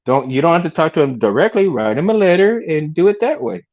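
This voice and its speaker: A man's voice: a little high, expressive, fast talker, highs cut off. A middle-aged man hosting a casual livestream, rambling in a laid-back way, laughing often and calling people "man" and "dude". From Texas. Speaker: livestream host.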